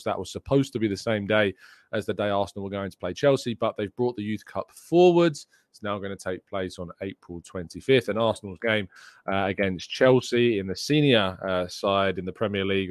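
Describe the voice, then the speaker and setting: Low-voiced chatty football show host. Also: male voice, dry recording, studio quality. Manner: chatty, reads viewer questions, many filler ums and uhs. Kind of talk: daily live news show with chat Q&A.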